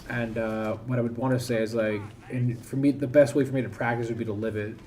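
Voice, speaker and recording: A man's voice: medium pitch, steady tone, brisk, a little mellow. A young man casually chatting while he plays a game on stream, rambling and self-critical, often trailing off. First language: English. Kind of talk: casual commentary while gaming.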